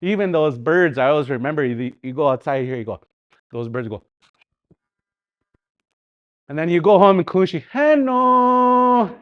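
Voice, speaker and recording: Animated man teaching a language class. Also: on the high side, no echo, highs cut off. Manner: animated, repeats words slowly for practice; sings and hums phrases to show the tune.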